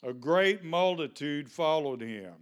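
A man's voice: on the high side, expressive, slow pace. A male pastor, preaching a sermon in a conversational way, full of questions to the congregation.

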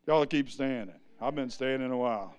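A man preaching a sermon in a church, swinging from quiet asides to loud, lifted preaching. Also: mid-range voice, a little fast, smooth.

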